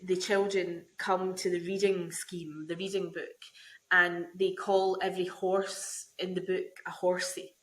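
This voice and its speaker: A woman's voice: on the low side, fairly bright tone, low-quality recording. Brief: middle-aged woman, podcast host, curious questioner, frequent affirmations. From United Kingdom. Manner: curious questioning, many backchannels. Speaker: podcast host, former teacher. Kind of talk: podcast interview.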